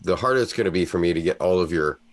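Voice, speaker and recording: A man's voice: sits low, rapid-fire, very noisy. A man chatting casually as co-host of a group show, laughing and teasing the others. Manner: animated, laughing, stretches words when teasing. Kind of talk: casual chat.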